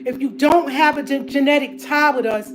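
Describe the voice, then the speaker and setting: A woman delivering an angry, confrontational monologue to her viewers, blunt and clearing her throat now and then, upset and trying to calm down. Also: high-pitched, moderate pace, noisy background. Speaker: online commentator.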